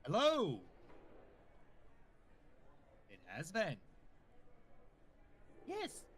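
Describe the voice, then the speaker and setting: Lively, bright man chatting on stream. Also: high-pitched, extremely slow, slight background noise. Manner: animated, jumps between topics. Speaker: guest co-player. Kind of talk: casual gaming stream chat.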